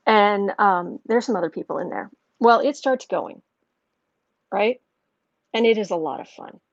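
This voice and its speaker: A woman's voice: mid-range voice, lively intonation, a little slow, vocal fry, dry recording, highs cut off. A woman talking through a tarot reading in a loose, rambling way, with lots of restarts. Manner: rambling, chatty storytelling with restarts. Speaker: tarot reader. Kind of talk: casual tarot reading monologue.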